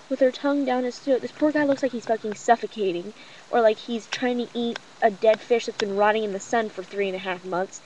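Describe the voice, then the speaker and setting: A woman's voice: on the high side, darkish tone. A young woman rambling through a casual gossip vlog at home, mocking and profane, with many fillers. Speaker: vlogger. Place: room at home with a cousin talking nearby. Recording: noisy home webcam recording.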